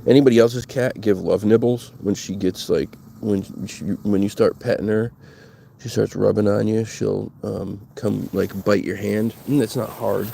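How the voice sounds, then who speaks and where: Guy rambling to his viewers, low gravelly voice, slow and easy, noisy home recording. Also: steady tone, dark tone. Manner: rambling and unhurried, thinking aloud. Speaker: host of a paranormal investigation show. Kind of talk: casual chat to viewers. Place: at home, partly outdoors by the pets' houses.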